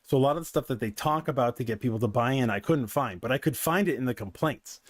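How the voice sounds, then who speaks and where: A man who coaches businesses, talking through his points in a loose, rambling commentary full of fillers. His voice sits at a mid pitch, and the recording is dry and close with no room sound. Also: quick pace, no echo. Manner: conversational, digressive, filler-heavy. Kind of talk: casual commentary.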